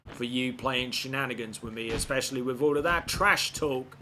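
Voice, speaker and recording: A man giving animated, expletive-laden commentary on a video game playthrough. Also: mid-range voice, normal speed, few pauses, a little hiss or hum. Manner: animated, swears often, frustrated outbursts.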